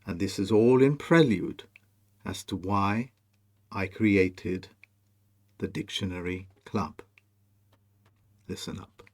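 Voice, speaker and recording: A man presenting a monologue over on-screen images, slow, emphatic and commanding as he speaks straight to the viewer. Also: deep voice, darkish tone. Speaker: video presenter.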